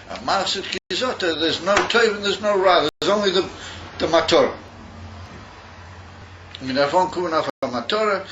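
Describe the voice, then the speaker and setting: An older man from Australia, telling a meandering story at a yeshiva gathering and mixing in Yiddish words. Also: a little high. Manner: meandering, repeats and restarts, mixes in Yiddish words. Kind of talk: rambling storytelling talk. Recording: dull, noisy recording.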